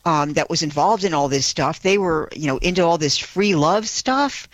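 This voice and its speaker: A woman's voice: low voice, animated, moderate pace, no room sound. A woman who is a guest on a talk radio show, telling a story with enthusiasm and lots of fillers like "you know.". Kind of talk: casual talk radio chat.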